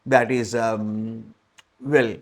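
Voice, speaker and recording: A man's voice: medium pitch, little pitch movement, very slow. A man with a Sri Lankan accent teaching a spoken English lesson, patiently repeating phrases and checking that learners follow.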